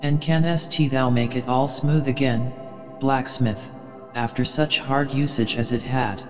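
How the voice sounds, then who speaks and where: A man's voice: mid-range voice, steady tone, a little slow, big-room sound, soft background music, natural voice. A man reading an audiobook, voicing an obsessed, commanding old sea captain with an intense, imperious manner. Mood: brooding.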